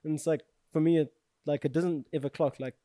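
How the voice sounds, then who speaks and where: Rambling young man with a high voice. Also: fairly even intonation, a little fast, warm tone, no room sound, clean studio sound. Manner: rambling, filler-heavy, swears casually. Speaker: podcast co-host. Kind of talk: casual chat.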